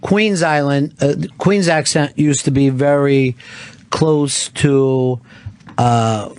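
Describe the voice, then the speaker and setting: A man's voice: mid-range voice, slow, darkish tone, clean tone. A man hosting a talk radio show, joking and swearing in casual banter with callers. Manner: profane, joking, laughs often.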